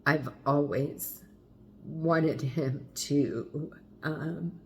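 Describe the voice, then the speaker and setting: A woman's voice: deep voice, steady tone, very slow, a little hiss or hum. A middle-aged woman speaking candidly to the camera as a mother, frank and confessional, with wry asides and the odd mild curse. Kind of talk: candid personal vlog.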